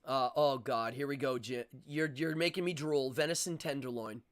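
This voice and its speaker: This livestream host chats casually in a mid-range voice at normal speed, breathless as he rambles opinionatedly through many fillers and restarts. The recording is very noisy.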